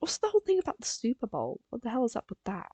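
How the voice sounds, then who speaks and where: A woman's voice: fairly high pitch, huge pitch swings, very fast, a little mellow, husky, no echo. A teenage girl from England, rambling casually on a live stream while she draws, full of fillers. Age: teens. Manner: rambling, chatty, frequent fillers. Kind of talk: casual chat while drawing.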